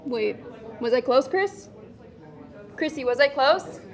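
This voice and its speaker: Brief: high-pitched woman, teasing co-host, playful comedic banter. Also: lively intonation, takes it slowly.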